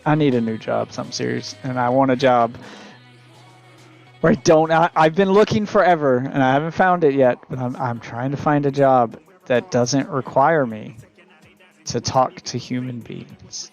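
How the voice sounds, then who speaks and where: A man's voice: mid-range voice, moderate pace, creaky, dull audio, faint music behind. A man streaming live, telling a long, exasperated story in a casual, profane way.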